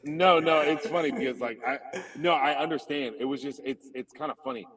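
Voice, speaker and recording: A man in casual conversation, telling a funny personal story with lively laughter, heard from a distant phone. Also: mid-range voice, brisk, husky. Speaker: comedian guest. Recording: distant phone audio with crowd noise. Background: crowd chatter at a cookout.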